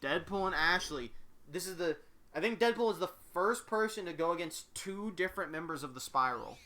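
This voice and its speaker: A man commentating game fights in a loose, casual way, swearing often and leaning on filler words. His voice is bright and sharp. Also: high-pitched, animated, fairly quick. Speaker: host and commentator.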